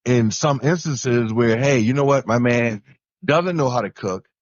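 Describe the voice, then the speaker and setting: An easygoing man on a podcast panel chimes in with personal stories and agrees readily with the others. His voice sits in an ordinary middle pitch for a man. The recording is muffled and has no room echo. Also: a little slow. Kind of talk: casual podcast discussion. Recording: dull, dry recording.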